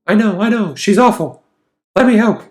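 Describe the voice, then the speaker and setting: A man voicing an obsessive, clingy young woman in a high, syrupy falsetto. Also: lively intonation, moderate pace, faint music behind. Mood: cooing.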